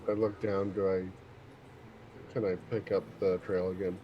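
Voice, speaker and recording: A man's voice: low voice, flat delivery, slow pace, muffled recording, a little hiss or hum. A man playing a tabletop game, talking in a matter-of-fact way. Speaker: player. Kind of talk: casual tabletop play.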